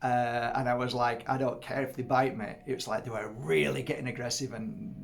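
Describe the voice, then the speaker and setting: A man's voice: mid-range voice, little pitch movement, brisk, gravelly. A middle-aged man chatting casually to camera as host, rambling, laughing often and breaking off to fuss over his dog.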